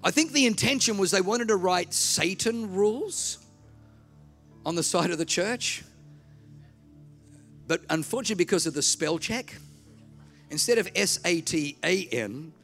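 A man preaching a sermon, telling a story and acting out the voices, swinging from hushed to shouting. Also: sits high, unhurried, long pauses, soft background music.

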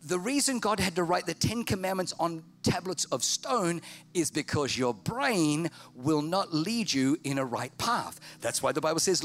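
Lively, bright-voiced male preacher. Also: fairly high pitch, normal speed. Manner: animated, joking, emphatic. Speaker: pastor. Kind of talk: sermon.

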